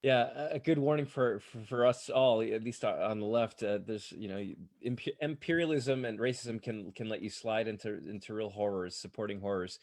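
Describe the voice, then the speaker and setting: A man hosting and moderating a live online panel over a video call, talking in a halting way and often repeating words. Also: lowish voice, darkish tone. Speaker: host and moderator.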